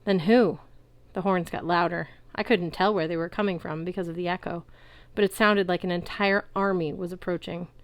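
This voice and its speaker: Smooth, low-voiced woman reading aloud. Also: fairly quick, few pauses, no room sound. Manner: lively, shouts the characters' cries. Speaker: audiobook reader.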